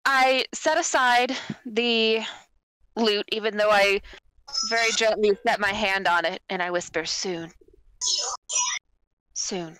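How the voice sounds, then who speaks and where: Bright-voiced woman bargaining in a tabletop game. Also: fairly high pitch, smooth, dry recording, rough recording. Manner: pleading, deliberate bargaining. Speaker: player. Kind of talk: in-character tabletop play.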